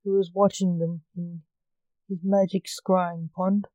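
A woman reading a short story aloud as narrator, at an even, unhurried pace. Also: fairly low pitch, no echo, low-quality recording.

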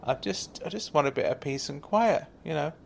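A man's voice: fairly high pitch, animated, moderate pace, vocal fry. A man in an audio sitcom, talking in a rambling, apologetic, stammering way. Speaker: comic performer.

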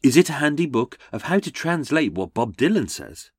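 A man's voice: mid-range voice, big pitch swings, moderate pace, breathy edge, no room sound, studio quality. A man hosting a comedic true-crime podcast, sardonic with jokey asides. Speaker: podcast host.

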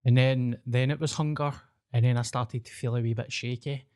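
Blunt sweary Scottish podcast host. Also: male voice, mid-range voice, fairly even intonation, normal speed, a little mellow. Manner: blunt, swears freely, open and jokey. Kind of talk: casual chat.

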